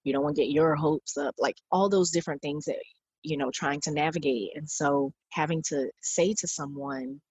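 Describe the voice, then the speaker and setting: Woman, forties, low husky voice, earnest reflective storytelling, podcast guest, dry close sound. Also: steady tone, normal speed, no echo. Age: 40s. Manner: earnest, reflective, quoting others as she recounts. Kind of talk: personal storytelling in an interview.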